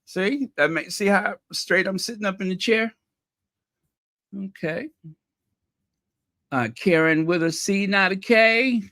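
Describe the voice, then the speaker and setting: A man's voice: high-pitched, slow, pauses often, bright, forceful tone, dry recording, studio quality. A man hosting a casual livestream, greeting viewers by name from the chat with playful, mock-posh asides. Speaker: channel host greeting live chat.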